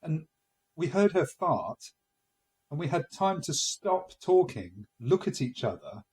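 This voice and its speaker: Lively man in his forties, chuckling banter. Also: a little high, slow. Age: 40s. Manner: laughing, lively, self-mocking storyteller. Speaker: podcast co-host. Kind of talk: casual comedy chat.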